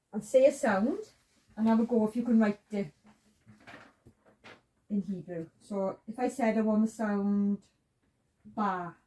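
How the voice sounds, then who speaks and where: A woman's voice: medium pitch, mellow, recorded from a distance, poor audio. A woman teaching a beginner's language lesson, patiently walking through each sound step by step. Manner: patient, repeats sounds and steps. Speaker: Hebrew teacher.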